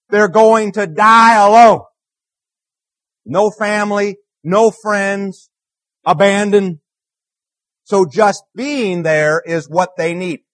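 High-voiced minister, dry close sound. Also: male voice, a bit bright, no echo. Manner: earnest, repeats key phrases, asks the congregation questions. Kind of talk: conversational sermon.

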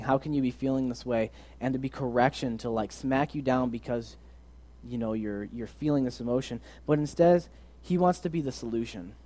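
Young male preacher, conversational and earnest, warm dark tone, mid pitch. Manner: earnest, conversational, swings from loud to soft. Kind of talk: casual sermon.

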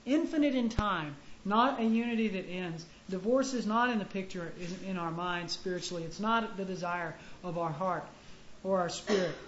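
A man's voice: high voice, slight background noise. Man preaching in an echoey room. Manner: conversational, halting with restarts, punchy emphasis. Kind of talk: sermon. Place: room with an audience. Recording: echoey, muffled room recording with faint ambience.

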